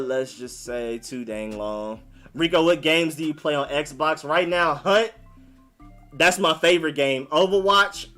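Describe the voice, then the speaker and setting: A young man hosting a live stream talks loosely and slangily, full of "like" and "y'all". His voice sits a little high and comes across bright and forceful. Faint music plays behind him. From born in Maryland, raised in Atlanta. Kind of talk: casual live-stream chat, reading viewer comments.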